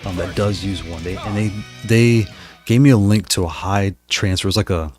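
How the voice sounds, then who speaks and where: A slightly hoarse man talks casually to his stream viewers as he plays, thinking aloud with frequent restarts. His voice sits low with a darkish tone at a moderate pace, with faint music behind him.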